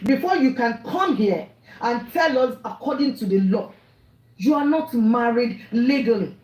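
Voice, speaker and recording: With a slightly high, darkish voice, a Nigerian-accented online commentator rants and scolds in a blend of English, Pidgin and Yoruba. She's animated yet measured in pace, and the rough recording has a roomy sound.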